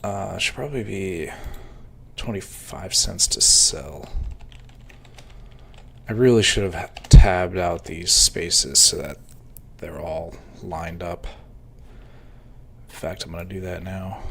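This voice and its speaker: Seated at his computer indoors, a man who admins a Minecraft server mutters numbers and hiccups while pricing things out, talking casually as he works. He speaks low and slow with a creaky, fairly bright tone, long pauses, and a little hiss or hum on the recording.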